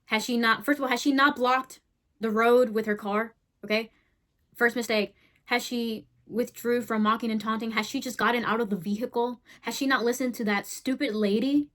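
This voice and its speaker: A woman's voice: a little high, steady tone, normal speed, fairly bright tone. A woman hosting a political commentary video, talking bluntly and heatedly, often tagging her points with "right?" and "okay?". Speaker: host.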